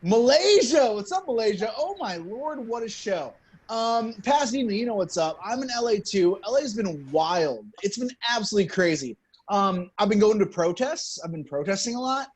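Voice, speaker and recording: A young man performing a stand-up comedy set, loud and chuckling at his own jokes. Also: high voice, lively intonation, moderate pace, a little hiss or hum. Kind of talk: stand-up routine.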